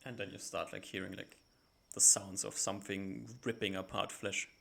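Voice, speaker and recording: A man with a low, gravelly voice runs a tabletop game. He talks in a flat, even tone, piling on fillers as he describes what the players see and hear. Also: moderate pace. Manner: loose, filler-heavy narration. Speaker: game master. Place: home setup, live stream.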